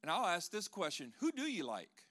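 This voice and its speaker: A man, a pastor, preaching a sermon with animated delivery that swings from loud proclaiming to hushed tones, with joking asides to the congregation. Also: high-pitched, normal speed.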